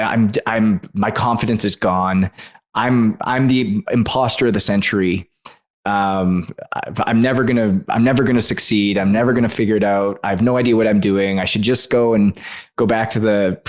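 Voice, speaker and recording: A man with a fairly low voice, guest on a podcast interview. He tells a personal story earnestly, with feeling and quick asides. His delivery is conversational and heartfelt. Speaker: guest author.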